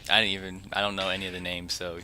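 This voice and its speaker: A man co-hosting a casual podcast over a voice call, talking haltingly as he trails off and restarts. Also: sits low, flat delivery, bright, forceful tone. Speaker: podcast co-host and editor. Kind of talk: casual chat.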